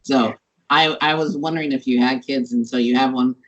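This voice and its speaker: A man from Montana hosting a podcast, talking casually and haltingly as he searches for words. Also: mid-range voice, fairly even intonation, fairly bright tone, highs cut off. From Montana, USA. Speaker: podcast host. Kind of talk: casual interview conversation.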